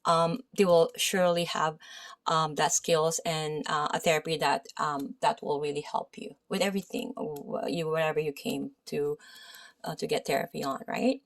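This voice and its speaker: A woman's voice: low-pitched, fairly even intonation, normal speed. Woman with a Filipino accent teaching. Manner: chatty, many fillers, checks in with "okay?" and "right?". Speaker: massage therapy instructor. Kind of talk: casual anatomy lesson.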